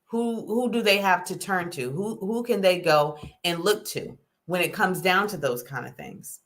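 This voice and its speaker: A middle-aged woman hosting a casual talk, folksy and animated, often checking in with "okay?". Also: fairly low pitch, a little slow. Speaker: host. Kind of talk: casual talk to a live audience.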